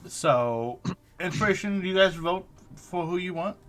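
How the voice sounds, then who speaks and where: A man's voice: sits high, expressive, measured pace, a bit bright. A man running a streamed tabletop game as game master, chatty and joking.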